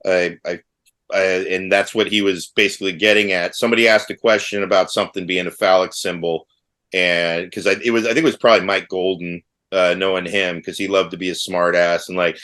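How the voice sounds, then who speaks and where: A man's voice: sits low, a little fast, a bit bright. A middle-aged man chatting casually with old friends, rambling and wry, with many restarts. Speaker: podcast co-host.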